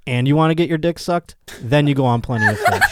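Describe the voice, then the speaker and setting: A man's voice: fairly high pitch, huge pitch swings, normal speed, very noisy. Man hosting a laughing, crude news podcast. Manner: laughs often, crude jokes, mocking asides; puts on voices for quoted people. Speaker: podcast host. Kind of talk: casual comedic news commentary.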